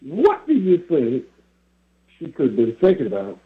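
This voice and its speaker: A man's voice: a little high, wildly swooping pitch, normal speed. A man hosting a casual chat, reflecting on family sayings and chuckling between thoughts. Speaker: host. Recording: phone-like line.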